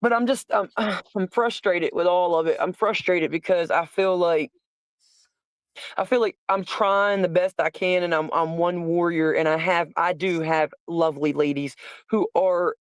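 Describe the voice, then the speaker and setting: A woman's voice: lowish voice, clean tone, dry recording. Woman co-host, blunt and emphatic, cusses, dry close sound. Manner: emphatic, blunt, swears freely. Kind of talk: livestream casual chat.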